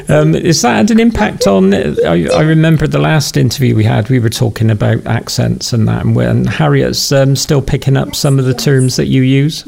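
Gravelly Bristolian man hosting remotely. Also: mid-range voice, steady tone, moderate pace, a little mellow, a little hiss or hum. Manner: hesitant, lots of fillers and restarts. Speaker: podcast host. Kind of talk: remote podcast interview. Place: home.

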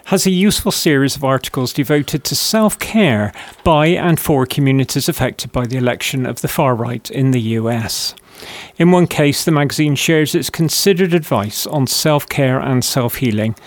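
A man reads his news items in a steady, even tone. The recording is dry and close. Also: mid-range voice, no room sound. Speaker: podcast co-host. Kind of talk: news headline reading.

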